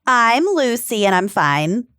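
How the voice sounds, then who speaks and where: A woman's voice: fairly high pitch, sing-song, takes it slowly, a bit bright, clean tone. A woman co-hosting a podcast in casual chat, making wry quips. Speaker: podcast co-host.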